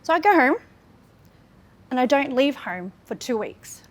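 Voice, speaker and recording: A sing-song, high voice moves at a measured pace. An Australian woman in her thirties frankly recounts her own life in a speech, her words anchored by repeated phrases.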